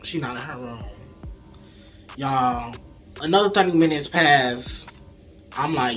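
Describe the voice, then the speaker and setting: A young man telling a casual storytime, animated and profane, acting out the dialogue as he goes. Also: medium pitch, slow pace, long pauses, soft background music.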